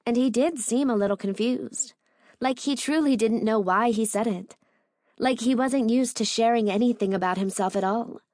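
A woman narrating a first-person romance audiobook in a measured, intimate way. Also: a little high, darkish tone, no room sound, clean studio sound.

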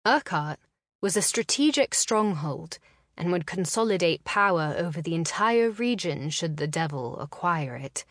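A woman narrating a historical novel in a slow, measured reading. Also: lowish voice, expressive, no room sound, clean studio sound. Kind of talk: scripted narration.

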